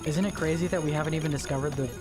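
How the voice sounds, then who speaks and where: Music plays as a live streamer games and chats casually, pleading with and groaning at viewers in a squeamish, slangy manner with lots of repetition. The voice is mid-range and steady in tone but races along.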